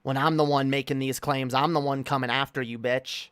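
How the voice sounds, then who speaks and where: A man's voice: medium pitch, fairly even intonation, brisk, a bit bright, smooth, no echo. A man streaming casual commentary in a mocking, combative way. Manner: mocking, combative, laughs often.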